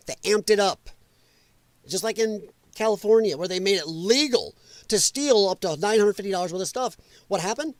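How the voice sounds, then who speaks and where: A man's voice: high voice, no room sound. A man hosting a live show, ranting in a blunt, heated, profane way. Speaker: livestream show host.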